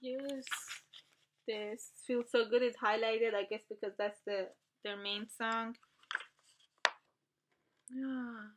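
Excitable high-voiced woman vlogger. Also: takes it slowly, long pauses, noisy background. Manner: excitable, gasping and gushing. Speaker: vlogger unboxing an album. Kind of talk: casual unboxing chat.

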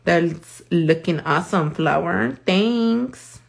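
While showing her nail work in a live tutorial, a woman chats casually, curses without restraint, and alternates English with Spanish. She takes it slowly, in a gravelly, fairly low voice.

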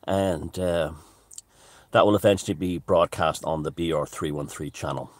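A man's voice: low-pitched, moderate pace, a little mellow, dry recording. A man giving a rambling, jokey monologue to his viewers, full of fillers and restarts. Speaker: vlogger. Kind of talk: casual monologue to camera.

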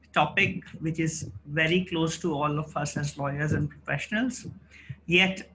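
Middle-aged male guest lecturer, bright forceful voice, rhetorical and emphatic, slightly raised pitch; faint hiss behind. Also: low-quality recording. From India. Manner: emphatic, rhetorical, pauses and restarts. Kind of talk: formal lecture.

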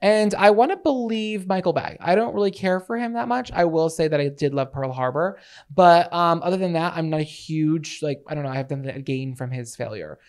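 A man co-hosting a podcast in casual chat, telling stories in an excitable, rambling, mock-dramatic way. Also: on the high side, a little fast, clear, resonant tone. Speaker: podcast co-host.

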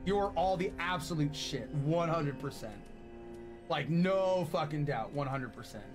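Streamer, male, late 20s: high, bouncy voice, swears a lot, game music under it. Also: unhurried. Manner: excitable and profane, swinging between loud outbursts and soft thanks. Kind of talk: casual live-stream chat while gaming.

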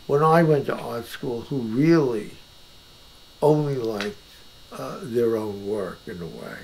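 An older man, a painter, talking at home about art in an animated and emphatic way, often restarting his sentences. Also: medium pitch, slow pace, vocal fry, slight background noise, low-quality recording. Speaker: painter being interviewed. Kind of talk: casual conversation. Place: his own house.

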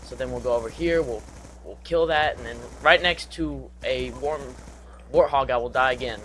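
Young male gaming commentator, excitable and goofy, average pitch, faint background noise. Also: normal speed. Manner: excitable, goofy, trash-talking, singsong asides. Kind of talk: live gameplay commentary.

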